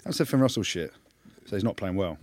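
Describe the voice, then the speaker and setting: A man's voice: low-pitched, animated, quick pace, darkish tone, no room sound, clean studio sound. A man co-hosting a podcast, trading wry, teasing comebacks in casual banter. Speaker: podcast co-host.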